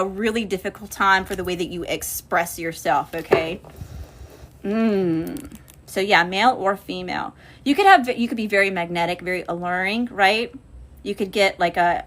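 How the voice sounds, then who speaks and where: A woman hosting a casual livestream tarot reading, cursing freely and calling her viewers y'all. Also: mid-range voice. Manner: profane, animated, addresses viewers as y'all. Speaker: spiritual channeler and livestream host.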